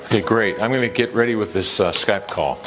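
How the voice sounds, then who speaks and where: A man giving an upbeat, salesy pitch as a company founder, chuckling now and then. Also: fairly quick.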